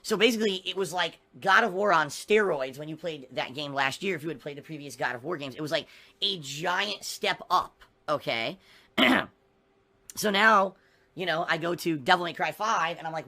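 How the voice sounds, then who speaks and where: Indignant streamer man, bright forceful voice. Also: fairly high pitch, animated, normal speed. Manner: indignant, swearing, repetitive. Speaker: game streamer. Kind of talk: livestream rant.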